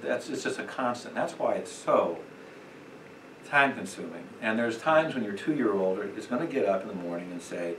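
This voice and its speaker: A man's voice: lowish voice, normal speed. Middle-aged man teaching in an echoey room. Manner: conversational, with lively acted quotes and fillers. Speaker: Bible class teacher. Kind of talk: parenting class lecture. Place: church classroom. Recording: echoey room, distant mic, noisy.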